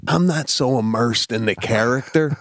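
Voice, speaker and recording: A man co-hosting a comedy podcast, telling a story in quick, self-mocking bursts. His voice has a gravelly, rough edge. It sounds close and dry, with no room echo. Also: mid-range voice. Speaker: podcast co-host.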